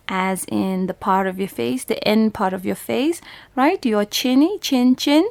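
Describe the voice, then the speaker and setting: A woman's voice: a little high, a little slow, gravelly, a little mellow. A woman with a Bhutanese English accent, teaching a phonics lesson to young children, sounding out each letter and repeating every word patiently.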